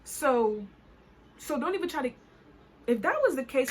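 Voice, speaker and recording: A young woman with a Caribbean accent tells an indignant, animated story in a casual vlog. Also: high voice, unhurried. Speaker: vlogger. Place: New York.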